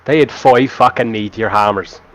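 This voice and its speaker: A man's voice: lowish voice, moderate pace, rough recording. A man co-casting a game match as a guest player, with dry remarks and frequent swearing. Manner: dry, crude, swears often. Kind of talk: casual game commentary.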